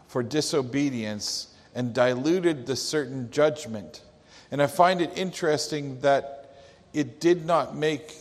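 A male pastor preaching a sermon with emphatic delivery, quoting scripture. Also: medium pitch. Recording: long hall reverb.

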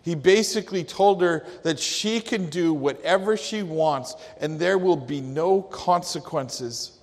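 Man preaching slowly in a reverberant hall. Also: a little high. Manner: emphatic preaching, quotes scripture. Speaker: pastor. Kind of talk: sermon.

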